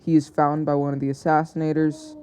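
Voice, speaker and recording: A man's voice: on the high side, flat delivery, brisk, dark tone, clean tone. A young man narrating an alternate-history map video in a casual, hesitant way, often correcting himself as he goes. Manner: hesitant, self-correcting, chatty.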